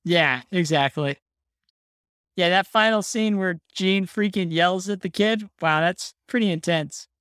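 Woman, excitable, laughs a lot, casual chat, dry recording. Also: lowish voice, measured pace, clear, resonant tone, no room sound. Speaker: podcast co-host. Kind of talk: casual chat about a film.

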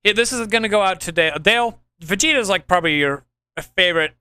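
Bright, crisp young man hosting a podcast. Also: high voice, fast, no room sound. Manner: rambling, many restarts, enthusiastic explaining. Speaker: podcast host. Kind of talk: casual gaming podcast chat.

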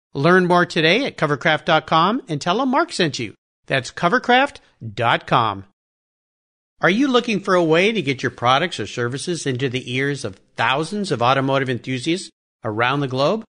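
A man hosting a podcast, chatting with a guest and reading sponsor spots in an upbeat manner. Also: mid-range voice. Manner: upbeat, lively host delivery. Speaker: podcast host. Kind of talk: podcast interview and sponsor reads.

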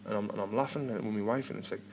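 A man's voice: on the low side, fairly even intonation, quick pace, a little mellow, a little hiss or hum. Rambling British podcast host in his thirties. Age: 30s. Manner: chatty, full of restarts and repeated words. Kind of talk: casual rambling monologue.

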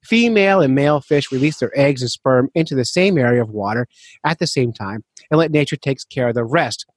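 A man's voice: medium pitch, animated, brisk, no echo. A middle-aged man hosting a podcast, explaining facts in casual chat and breaking into jokes and laughter. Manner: jokey, explains facts then riffs, laughs often. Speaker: podcast host.

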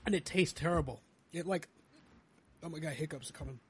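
A man's voice: a little high, brisk, slight background noise. A man hosting a casual chat who groans and swears in pain while eating a very spicy chip. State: in pain from burning spice. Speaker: podcast host.

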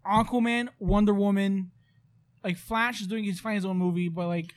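A young man in casual chat, excitable and laughing, with lots of fillers and swearing. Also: high-pitched, moderate pace.

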